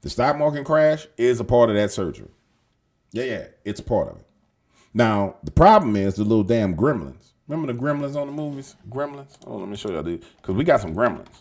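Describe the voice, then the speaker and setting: A man's voice: mid-range voice, very animated, brisk. A man hosting casual news commentary, slangy and emphatic, swearing and repeating himself as he rambles. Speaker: show host.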